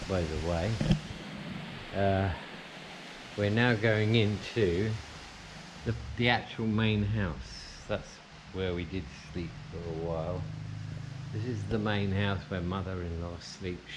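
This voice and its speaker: A male vlogger casually narrates a tour of his house, rambling and often restarting, first indoors and then outside at a plantation. His voice is fairly low and slow, and the recording is very noisy.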